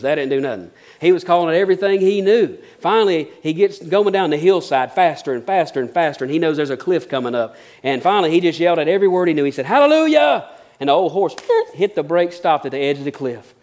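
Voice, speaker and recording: A man's voice: a little high, quick pace, hardly any pauses, darkish tone. A middle-aged man preaching a sermon, mixing folksy storytelling with earnest, building emphasis. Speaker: pastor.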